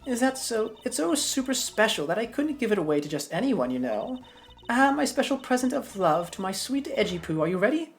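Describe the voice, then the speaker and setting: A shrill old busybody lady from a courtroom game, as a woman reads her lines aloud, fussing and gushing in swooping, animated leaps. Her scolding bursts shoot far up in pitch. Soft game music sits faintly behind her. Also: brisk. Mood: fawning. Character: shrill meddling old woman, fawning, bossy.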